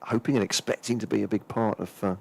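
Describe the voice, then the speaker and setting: A man's voice: lowish voice, steady tone, fast, vocal fry, darkish tone. A man co-commentating on a cricket match, methodically working through the fielders and calling each ball. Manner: careful, methodical, checks the fielding positions aloud. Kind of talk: live sports commentary.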